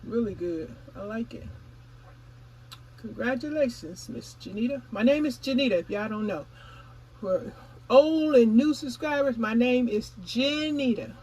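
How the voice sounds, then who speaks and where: Eine Frau, die in lockerem Plauderton für ihren Gartenkanal vlogt, ihre Zuschauer direkt anspricht und manchmal beim Kauen redet. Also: female voice, on the high side, lively intonation, measured pace, long pauses, mellow, a little hiss or hum, poor audio. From California. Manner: chatty, addresses viewers as y'all; talks while chewing. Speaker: gardening vlogger. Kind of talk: casual vlog chat.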